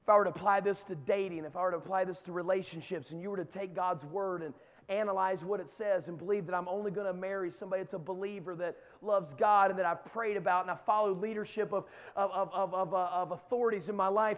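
Middle-aged male preacher, high voice, swings from hushed stories to shouting in a big church. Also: steady tone, fast. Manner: builds from quiet storytelling to shouted exhortation. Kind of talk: sermon to young people. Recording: long hall reverb.

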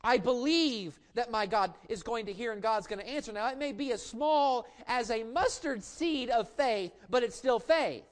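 A middle-aged pastor delivers an impassioned sermon in a notably high male voice. He stretches key lines out slowly, then falls back to soft asides. Now and then he stumbles into a stammered restart as he builds. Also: animated. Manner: impassioned preaching with slow drawn-out emphasis and sudden drops to quiet asides.

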